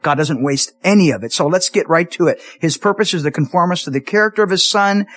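A man's voice: sits high, fast talker, dry recording. A man preaching a sermon as pastor in a church, telling jokey stories with lots of restarts. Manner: animated, jokey storytelling with many restarts. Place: church sanctuary.

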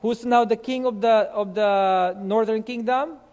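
A man preaching as a pastor, reading scripture verses deliberately and explaining them with frequent fillers. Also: sits high, steady tone, darkish tone, big-room sound. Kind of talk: Bible teaching sermon.

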